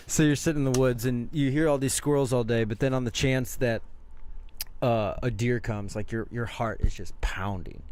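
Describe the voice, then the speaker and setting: A man's voice: on the low side, a little mellow, a little hiss or hum. A young man co-hosting a casual podcast, telling rambling, profane stories. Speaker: podcast co-host. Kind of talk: casual chat.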